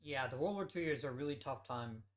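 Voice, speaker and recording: A man's voice: medium pitch, fast talker. A man hosting a let's play, giving casual gameplay commentary as he thinks aloud and swears offhandedly.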